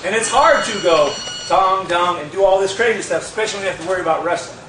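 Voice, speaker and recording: A man teaching a martial arts move in a lively, demonstrative way, with sound effects, recorded from a distant camera. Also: sits high, fast talker, noisy background. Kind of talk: casual instructional demonstration. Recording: echoey gym from far off with crowd.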